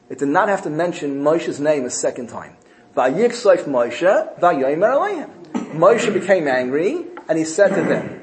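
A man teaching a Torah class, weaving Hebrew terms into his English and slowing down to quote each verse. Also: a little high, poor audio.

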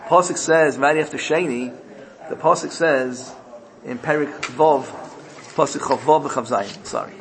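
A man giving a Torah sermon, telling a parable with animated storytelling and frequent self-corrections. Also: on the high side, measured pace, poor audio.

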